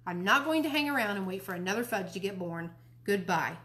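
Lady reading a kids book doing a mad ten year old boy, yelling high and indignant. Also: lively intonation, fairly quick, natural voice. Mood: defiant. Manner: shouting, high and outraged.

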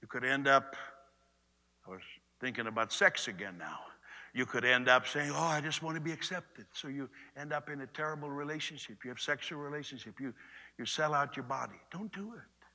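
A man preaching a sermon in a conversational way, swinging between loud and hushed delivery. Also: mid-range voice, expressive, normal speed. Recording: long reverb of a large hall.

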